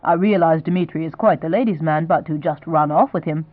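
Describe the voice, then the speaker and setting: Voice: medium pitch, fairly quick, no room sound, natural voice. Romance audiobook: a reader doing a polite, persistent old duchess. Thin, narrow sound, dry. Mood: genteel. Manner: genteel, pleasantly insistent. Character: elderly duchess grandmother, gracious, persistent.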